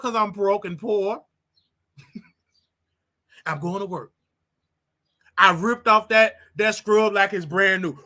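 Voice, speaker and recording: A man hosting a casual livestream, talking straight to his viewers in an animated, repetitive way with preachy asides. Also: high voice, slow, pauses often. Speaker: livestream show host.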